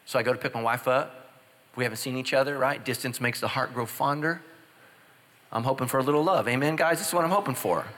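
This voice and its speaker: A man preaching a humorous sermon as a pastor, telling stories and swinging from loud high exclamations to quiet confessional asides. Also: fast talker, big-room sound. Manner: animated, jumps into loud high exclamations and drops to hushed confessions.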